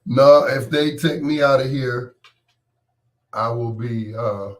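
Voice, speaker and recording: A radio host with a cold hosts a late-night show, chatting and joking with listeners by name. His mid-range voice is congested, and he speaks slowly.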